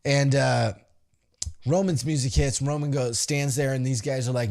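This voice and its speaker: A man hosting a podcast, recapping a wrestling show with animated, profane storytelling and acted-out quotes. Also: mid-range voice, moderate pace, gravelly. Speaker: podcast host.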